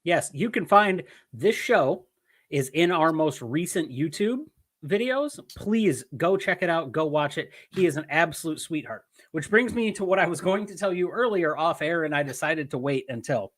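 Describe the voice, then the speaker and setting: A man's voice: fairly high pitch, normal speed. A man from Michigan co-hosting a wrestling podcast in casual chat, rambling and swearing as he tells stories. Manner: rambling, swearing, animated storytelling. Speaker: podcast co-host.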